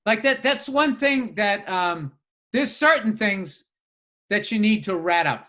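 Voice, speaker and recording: A man co-hosting a podcast in casual chat, rambling and swearing freely with animated asides. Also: high-pitched, unhurried. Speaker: podcast co-host.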